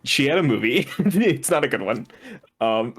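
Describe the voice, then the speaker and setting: A man's voice: fairly high pitch, a bit bright. A man co-hosting a podcast, explaining film trivia in a casual, giggly way. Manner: giggly, explains movie trivia with frequent laughs. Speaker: podcast co-host. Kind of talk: casual movie chat.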